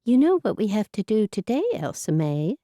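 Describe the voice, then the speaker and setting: A woman's voice: medium pitch, very animated, moderate pace, warm tone, dry recording, studio quality, pitched above the performer's own voice, natural voice. A woman voicing an elderly Amish widow, talking in an earnest, plaintive way. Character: elderly Amish widow, flustered but stubborn.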